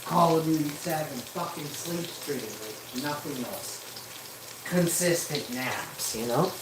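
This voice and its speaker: A man's voice: fairly high pitch, animated, slow pace, distant mic, background noise. A man streaming live from his kitchen while he cooks, rambling in crude, heavily sworn casual chat. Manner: rambling, crude, heavy swearing. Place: home kitchen while cooking. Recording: echoey room with loud frying sizzle. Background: frying food sizzling.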